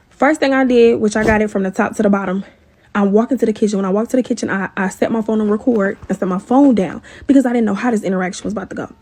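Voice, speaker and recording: A woman telling a personal story in a casual, animated way, cursing often and addressing listeners as y'all. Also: on the high side. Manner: animated, profane, talks to viewers as y'all.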